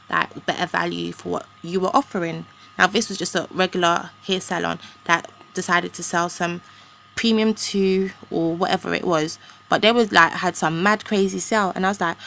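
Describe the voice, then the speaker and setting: A woman's voice: fairly low pitch, creaky, a bit bright. A young woman, ranting in a rambling, indignant way with casual slang as a vlogger. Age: young adult. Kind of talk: ranting to camera.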